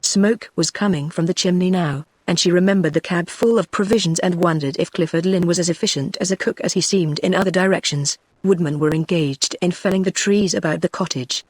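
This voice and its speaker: A text-to-speech woman's voice with a British English accent, reading a novel as scripted narration at an even pace. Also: fairly low pitch, brisk, hardly any pauses, dry recording. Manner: evenly paced synthetic reading. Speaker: audiobook narrator.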